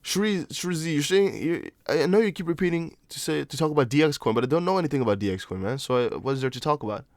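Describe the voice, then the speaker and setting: A young adult man, not a native English speaker, hosts a relaxed crypto live stream, responding to viewer comments in loose chat full of restarts and apologetic asides. His slightly high voice has lively intonation and moves quickly with hardly any pauses. It's studio quality with no room sound.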